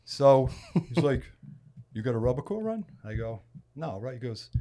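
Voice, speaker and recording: A man from Massachusetts on a podcast, telling a long fishing story in a casual, animated way and acting out other people's lines. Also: medium pitch, normal speed. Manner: animated storyteller, acts out quoted speech with loud bursts. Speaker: podcast guest.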